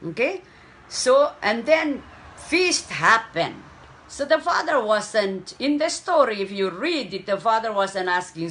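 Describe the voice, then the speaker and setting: Island-woman preaching slow, keeps asking "okay?", leans hard on words. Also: a little high, sing-song, a bit bright. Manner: slow, emphatic preaching with frequent "okay?" checks. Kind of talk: sermon.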